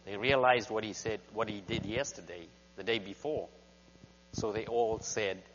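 A man preaching a sermon as a guest speaker, telling stories in an animated way. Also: on the low side, moderate pace. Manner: animated storyteller. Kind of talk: sermon with storytelling. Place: church sanctuary. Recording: dull recording in reverberant hall with hum.

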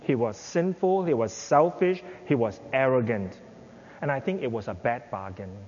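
In a dull, echoing hall with a little background noise, an older preacher delivers his sermon in an animated, somewhat dark voice at normal speed. He performs pleading prayers passionately, his pitch climbing as he goes.

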